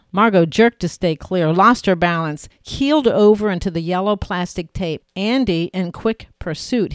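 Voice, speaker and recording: A woman narrating an audiobook in a steady, clear storytelling manner. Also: on the low side, no echo, clean studio sound.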